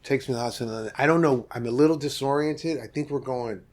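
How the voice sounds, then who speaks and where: A middle-aged man from Los Angeles, a podcast guest, tells a candid story from his past in an animated way, rising sharply and then dropping off softly. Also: medium pitch, fast talker. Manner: vivid, animated retelling with sudden rises and soft drop-offs.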